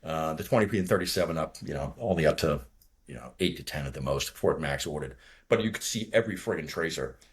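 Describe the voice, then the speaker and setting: Older guy from near boston, really low husky voice, swears a lot, rambly storyteller. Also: expressive. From from near Boston, USA. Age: 60s. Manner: rambling, profane, talks fast when nervous. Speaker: guest, retired fighter pilot. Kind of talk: casual war story telling.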